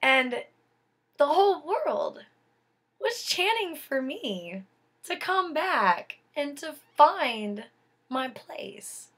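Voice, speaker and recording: A young woman recounts a personal story to her viewers, slowly and deliberately. Her voice sits a little high and sounds bright and forceful. She tells it earnestly, leaning hard on key moments. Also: big pitch swings. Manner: earnest, emphatic retelling. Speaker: vlogger.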